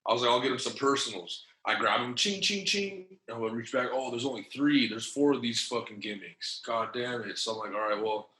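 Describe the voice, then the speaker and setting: A man's voice: mid-range voice, animated, fairly quick, hardly any pauses, pushed and bright. A man telling a long story as a podcast guest in loose, profane slang. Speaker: podcast guest, former wrestler. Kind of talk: casual storytelling. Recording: echoey room.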